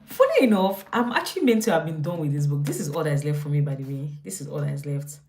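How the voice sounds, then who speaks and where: A young woman with a Nigerian accent chatting casually on a live stream, animated and acting out her own reactions. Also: low-pitched, fast, noisy background. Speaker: lifestyle livestreamer.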